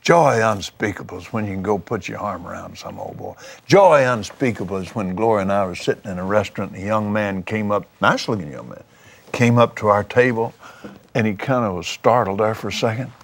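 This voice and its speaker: A man's voice: lowish voice, fairly quick. A man who hosts a TV show and preaches in a testimony style while chatting, fervent and exclamatory. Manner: fervent and exclamatory, with sudden excited jumps.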